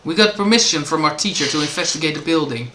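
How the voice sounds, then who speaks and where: A man's voice: on the high side, lively intonation, quick pace, background noise. A man hosting a game playthrough, reading the dialogue aloud in a casual, playful way. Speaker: let's play host. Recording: roomy, game music behind.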